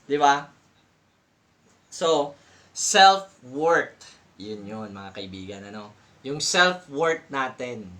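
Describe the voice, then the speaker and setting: Filipino male host, mid pitch, bright and pushed, chatty reflective talk, code-switching. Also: sing-song, slow, pauses often. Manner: mixes English and Tagalog, keeps asking "di ba?". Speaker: podcast host answering a question.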